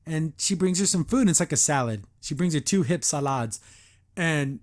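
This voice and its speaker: A man hosting a podcast, reviewing a cartoon episode in a casual, animated, digressive way with mock exasperation. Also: on the high side, moderate pace. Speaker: podcast host.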